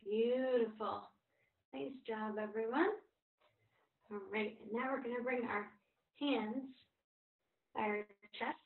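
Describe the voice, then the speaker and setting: A woman teaching a parent-child toddler yoga class, giving gentle, encouraging, sing-song cues. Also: a little high, fairly even intonation, slow pace, pauses often. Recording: distant, roomy, phone-like sound.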